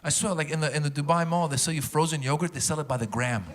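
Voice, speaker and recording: A middle-aged man performing a stand-up comedy set before a live audience, telling animated stories and slipping into character voices. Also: on the high side, fast talker. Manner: animated storytelling, switching into accented character voices. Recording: loud crowd and noise from a live show.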